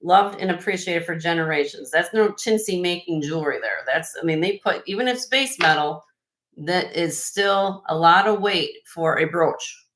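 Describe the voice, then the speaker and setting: On a live stream, a Midwestern-accented woman sells vintage jewelry, chatting effusively as she shows off each piece. Her pitch is fairly low, her pace moderate and her tone fairly bright. The recording quality is low.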